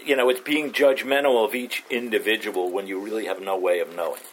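A man's voice: fairly low pitch, fairly even intonation, a little fast, a bit bright, low-quality recording. Skeptical man in a discussion group. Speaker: study group participant. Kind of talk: casual discussion.

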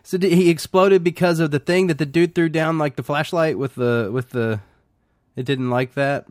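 A man's voice: fairly high pitch, steady tone, normal speed, a little mellow, no room sound, clean studio sound. Laughing, swearing man in casual film chat. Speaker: podcast co-host.

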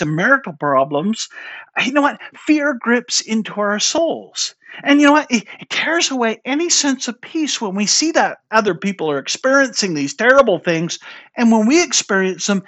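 A woman preaching a sermon, retelling a Bible story in an animated way and acting out the quoted lines. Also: mid-range voice.

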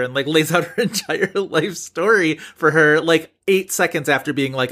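A man's voice: on the high side, moderate pace, few pauses, pushed and bright. A man co-hosting a podcast in casual chat, rambling with many fillers and laughs. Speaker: podcast co-host.

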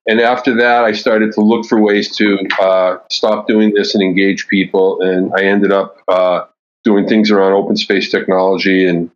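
A lower-pitched man telling a story with animation, as a podcast guest. His voice comes through a dull, lo-fi recording, and he speaks as a seasoned coach. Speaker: agile coach and author.

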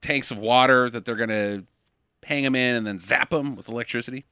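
A man's voice: medium pitch, fairly quick, sharp tone, clean tone, dry recording, studio quality. A man co-hosting a casual movie podcast, wryly recapping the plot with asides. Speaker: podcast co-host.

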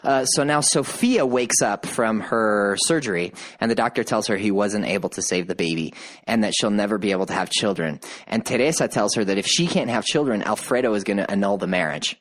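A man co-hosting a podcast, casually retelling a TV drama plot with lively quoted voices. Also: fairly quick. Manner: animated storyteller, voices quotes with rising pitch. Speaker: podcast co-host. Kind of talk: casual chat, recapping a TV drama.

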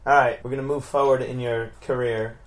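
A male host of middling pitch guides a relaxed interview. He chimes in with short encouraging remarks and quick jokes. His tone stays casual throughout. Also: low-quality recording. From United States.

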